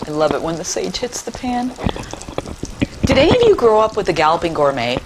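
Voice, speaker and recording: A woman's voice: lowish voice, sing-song, moderate pace, heavy background noise. A middle-aged woman hosting a cooking show in her kitchen, chatty and enthusiastic, with playful asides as she demonstrates a recipe.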